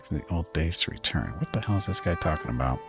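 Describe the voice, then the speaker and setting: Brief: male streamer, casual muttered play-by-play, extremely low and lively in pitch, faint music under him. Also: fast talker. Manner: offhand and muttering, thinking aloud. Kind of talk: casual gameplay commentary.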